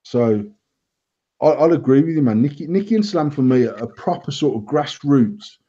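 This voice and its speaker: Speaking at a moderate pace, a man with a breathy, mid-range voice delivers lively, blunt, sweary stories. The casual banter show host also owns a vape company, and the live stream recording sounds dull and lo-fi.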